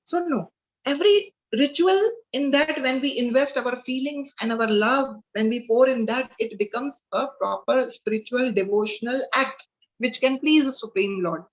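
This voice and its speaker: Speaking at an ordinary pace in a slightly high voice, an Indian-accented woman leads a spiritual class with devotional storytelling. She is earnest, slips into Hindi, and fills her speech with fillers, all heard through dull, lo-fi video call sound.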